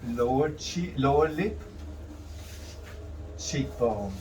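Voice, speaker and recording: A man's voice: medium pitch, lively intonation, slow, recorded from a distance, lo-fi sound, background noise. A man teaching a drawing demonstration, talking through each step and correcting himself as he goes. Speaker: art instructor.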